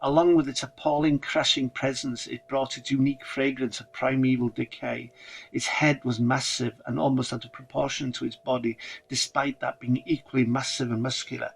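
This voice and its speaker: A man's voice: mid-range voice, flat delivery, moderate pace, creaky, a little hiss or hum, poor audio. A man narrating a first-person horror story dramatically, with casual swearing.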